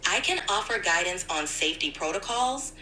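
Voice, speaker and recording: A synthetic female AI assistant voice, upbeat and polite, smoothly helpful in conversation. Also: lowish voice, lively intonation, moderate pace, pushed and bright, echoey room, a little hiss or hum, poor audio.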